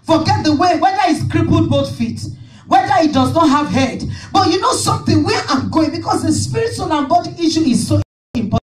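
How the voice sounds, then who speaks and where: A high-pitched woman pastor delivers a fervent sermon, driving her points home by repeating them and calling out to the congregation. She is recorded from a distance in an echoey church hall, with faint music underneath. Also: expressive, fairly quick. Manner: fervent, repetitive preaching with call-and-response.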